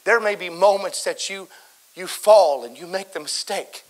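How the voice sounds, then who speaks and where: A man preaching a fervent sermon in a church, full of repetitions and stammered restarts, swinging between loud exhortation and softer pleading. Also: high voice, normal speed. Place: church sanctuary.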